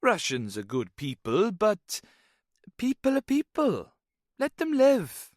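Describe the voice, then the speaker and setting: Casting: a man playing a boozy fifty-something Welshman, high and lilting, in a dry booth. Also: wildly swooping pitch, dry recording, full character voice. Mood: ranting. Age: 50s. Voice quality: lilting, slow after drinks. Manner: hearty, chatty.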